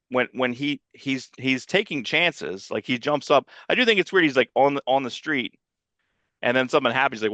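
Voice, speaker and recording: A man's voice: medium pitch, fairly bright tone, no echo. Rambling man, dry lo-fi podcast mic. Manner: rambling, restarts and trails off mid-sentence. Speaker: podcast co-host. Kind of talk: casual chat reviewing a movie.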